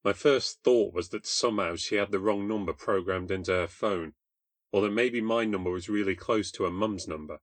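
A young man narrating a first-person ghost story in a sardonic, bitter, deadpan way. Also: lowish voice, normal speed, no echo. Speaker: podcast host and narrator.

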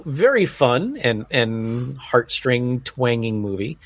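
A man co-hosting a podcast, chatting casually and giving opinions in a lively, chatty way. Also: mid-range voice, slow, a little hiss or hum. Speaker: podcast co-host.

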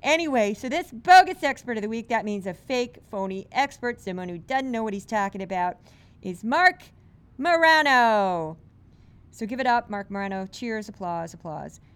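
A woman's voice: fairly high pitch, lively intonation, moderate pace, smooth, close to an everyday voice. A woman voicing her own middle-aged mother, with a St. Louis accent and a homey, self-deprecating manner. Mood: chatty. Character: the host's own middle-aged mother, chatty and plain-spoken.

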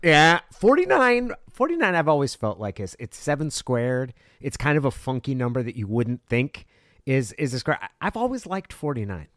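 A man co-hosting a podcast in casual chat, animated and laughing often, jumping into excited high bits. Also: moderate pace, dry recording, studio quality. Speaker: podcast co-host. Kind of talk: casual sports-media chat.

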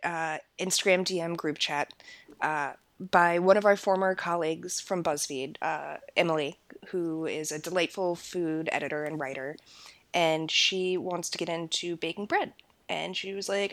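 A woman's voice: lowish voice, moderate pace, no room sound. A woman co-hosting a podcast, chatting casually and gushing with lots of fillers. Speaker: podcast co-host. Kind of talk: casual chat.

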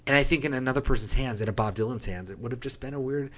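A man's voice: medium pitch, very fast, a bit bright. A man co-hosting a casual podcast about an album, talking in a rambling, enthusiastic way and swearing now and then. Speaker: podcast co-host. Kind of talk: casual music review chat.

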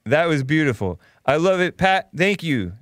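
A man hosting a talk show, reading out viewer chat messages in a sarcastic, animated way and laughing often. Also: fairly high pitch, moderate pace, no room sound, studio quality. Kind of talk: reading live chat and taking calls.

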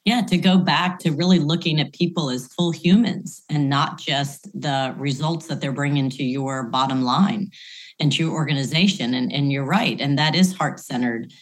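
A woman's voice: low-pitched, normal speed. A woman guest on a podcast, a business professor who tells stories animatedly and acts out dialogue. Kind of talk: conversational interview storytelling.

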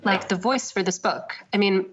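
A woman's voice: mid-range voice, normal speed, breathy edge. A woman novelist being interviewed, thinking aloud in a casual, hesitant way with many fillers. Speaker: novelist guest. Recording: slightly dull lo-fi sound.

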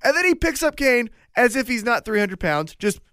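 A man co-hosting a podcast, chatting casually and excitably, swearing freely and acting out lines he quotes. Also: extremely high pitch, moderate pace, dry recording, studio quality. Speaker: podcast co-host. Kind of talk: casual chat.

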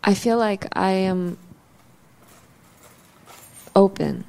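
A woman answering questions in a reflective conversation, hesitant and pausing often. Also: mid-range voice, creaky, warm tone. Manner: hesitant, pauses with ums. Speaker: interviewee.

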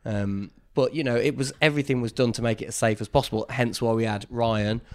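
A man, a guest in a casual interview, telling a story with lively quoted voices. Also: medium pitch, fairly quick.

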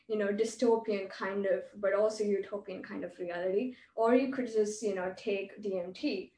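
A woman's voice: mid-range voice, fairly even intonation, moderate pace, dark tone, slight background noise. A woman hosting a podcast, musing at length in casual conversation with many fillers. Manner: reflective, filler-heavy, speculative. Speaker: podcast host. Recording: roomy, distant mic with faint ambience.

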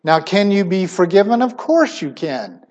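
A middle-aged man preaching a sermon emphatically, his voice swinging suddenly between loud stressed words and quiet asides. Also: sits high, sing-song, normal speed, highs cut off.

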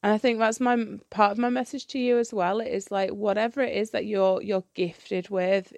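A woman's voice: medium pitch, steady tone, normal speed, darkish tone, no room sound. A woman hosting her own podcast, talking candidly and rambling with plenty of fillers and restarts. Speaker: podcast host. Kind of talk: candid solo podcast chat.

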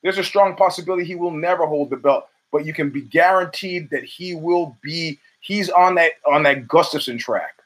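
A man's voice: on the high side, normal speed, few pauses, fairly bright tone. A man hosting his own show, giving rambling, profane solo commentary full of restarts and fillers. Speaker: podcast host.

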